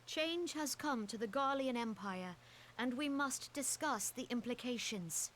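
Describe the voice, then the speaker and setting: An actress playing a composed woman briefing a council in a game cutscene, with a measured, formal delivery. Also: a little high, animated, fairly bright tone, slight background noise. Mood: grave. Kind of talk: voiced game cutscene dialogue.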